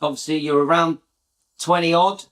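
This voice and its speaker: A British man talks casually to his viewers as host of his channel. His fairly high voice rambles along with eager enthusiasm. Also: fairly even intonation, moderate pace, fairly bright tone. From Britain.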